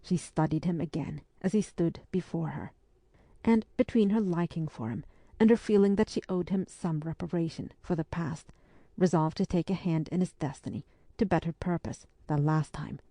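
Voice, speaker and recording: Low, mellow-voiced woman narrating. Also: moderate pace, no room sound. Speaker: audiobook narrator. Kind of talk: scripted narration.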